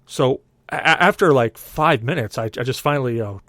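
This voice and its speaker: A young man spins a rambling story on a podcast, his pitch swinging widely as he acts out what everyone said. The sound is dry and close, with no room around it. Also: fairly quick, dry recording. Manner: animated, voices others in quoted dialogue. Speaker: podcast co-host. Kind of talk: casual storytelling.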